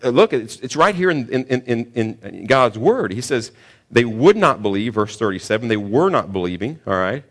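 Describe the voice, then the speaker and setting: A man's voice: mid-range voice, very animated, normal speed, a bit bright. A male pastor preaching a sermon on a scripture passage, earnest, often stumbling and repeating words before pushing to emphatic questions.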